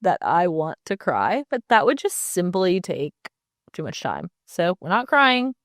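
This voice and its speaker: A woman chats her way through a solo podcast, animated and quick to laugh. Her voice sits a little low, and the close, dry mic leaves no room sound. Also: no echo. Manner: chatty and animated, laughs often, jokey asides. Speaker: podcast host. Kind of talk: casual solo podcast chat.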